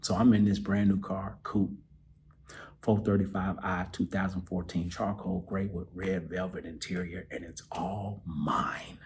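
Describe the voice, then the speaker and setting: Deep-voiced male podcast host, personal storyteller, swings from lively to soft and choked up. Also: moderate pace, a little hiss or hum. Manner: animated, emotional, drops to soft near-whispers. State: choked up, close to tears.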